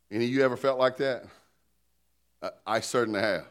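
A man's voice: mid-range voice, fairly quick, long pauses. A man preaching a sermon in a conversational, joking style, calling out to the congregation for responses and an amen. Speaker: pastor.

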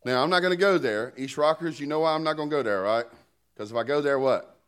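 A man's voice: fairly high pitch, fast, fairly bright tone, clear, resonant tone. A man preaching a sermon in a conversational, joking style, calling out to the congregation for responses and an amen. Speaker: pastor.

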